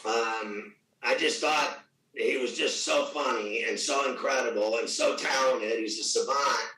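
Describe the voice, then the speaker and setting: A middle-aged man with a gravelly voice, talking loudly, boastfully and with a lot of swearing in a casual interview. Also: medium pitch, measured pace, recorded from a distance. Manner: loud, profane, boastful. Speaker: radio host guest. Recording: echoey room, off mic.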